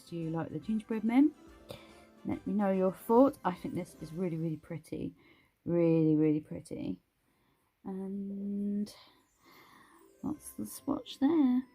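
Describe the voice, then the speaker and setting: Slow, gravelly woman gushing over nail art. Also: medium pitch, lively intonation, mellow, soft background music. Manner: gushing, exclaiming over items. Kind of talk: casual unboxing chat.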